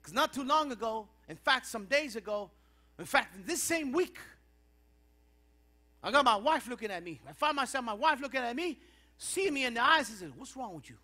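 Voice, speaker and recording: High, bright-voiced preaching man. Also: lively intonation, moderate pace. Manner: impassioned preaching with rising and falling intensity. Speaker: pastor. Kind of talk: sermon. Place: church.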